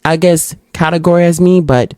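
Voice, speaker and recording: A woman hosting a solo podcast, reading out reflection questions and answering them in an animated, outspoken way, talking straight to her listeners and acting out little exchanges. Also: moderate pace, no echo. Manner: acts out little dialogues in higher voices. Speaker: podcast host.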